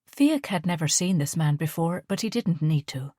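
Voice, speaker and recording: A woman narrating an audiobook in a steady, measured way. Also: sits low, dry recording, clean studio sound.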